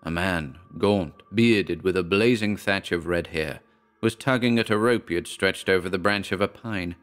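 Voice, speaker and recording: A man reading a horror story aloud in a measured, grave narration. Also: deep voice, a bit bright, clear, resonant tone, soft background music. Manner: measured, grave storytelling with quoted dialogue read plainly.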